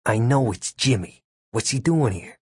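A man voicing Eddie, an angry young man with a New Jersey accent, speaking in a tense, hushed and husky voice while reading a story aloud. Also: mid-range voice, expressive, unhurried, no echo, studio quality. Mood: menacing.

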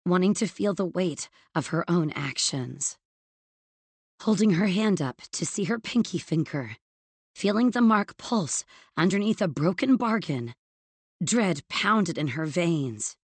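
A woman narrating a novel in a measured, expressive storytelling manner. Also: fairly low pitch, husky, dry recording. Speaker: audiobook narrator. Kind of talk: scripted narration.

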